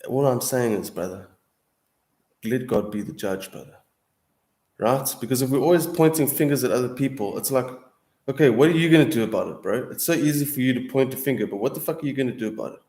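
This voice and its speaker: A man's voice: medium pitch, fast, a little mellow. A young man in a casual, heated monologue, swearing often and calling the listener bro and dude. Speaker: streamer answering viewers. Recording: echoey room.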